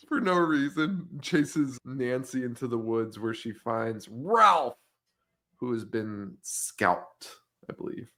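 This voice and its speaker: A man's voice: medium pitch, takes it slowly. Laughing young man recapping a film. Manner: laughs often, animated retelling with quoted voices. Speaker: podcast co-host. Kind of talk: casual movie-recap chat.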